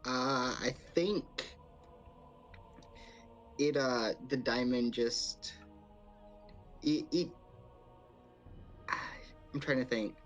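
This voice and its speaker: A man's voice: mid-range voice, very slow, long pauses, dull audio, faint music behind. A man playing a tabletop game, hesitant and thinking aloud as he describes his spell. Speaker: player. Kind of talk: casual tabletop game play.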